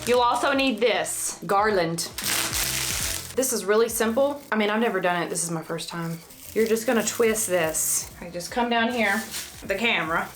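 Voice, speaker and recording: A woman with a Southern twang talks her way through a craft project in a bathroom. She jokes, wanders off on tangents and sometimes trips over a word, then laughs it off and keeps going. Her voice sits at an ordinary middle pitch. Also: normal speed, music in the background. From Southern United States. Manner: joking, rambling asides, stumbles on words. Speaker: DIY craft vlogger. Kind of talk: casual chatty crafting vlog.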